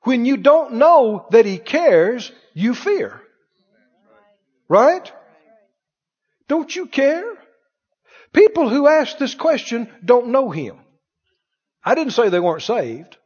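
A man preaching a sermon, telling folksy stories and swinging from low asides to loud exclamations. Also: sing-song, takes it slowly, husky, in a large hall, muffled recording.

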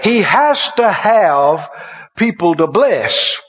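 A man preaching a sermon with exuberant energy, breaking into shouted exclamations. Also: sits high, sing-song, slow pace. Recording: dull lo-fi sound.

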